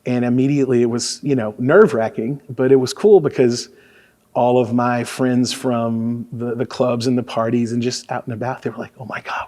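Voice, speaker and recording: Relaxed storytelling radio DJ, man. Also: mid-range voice. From Louisiana. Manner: relaxed storyteller, lots of fillers. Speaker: radio DJ, guest. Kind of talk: casual conversational interview.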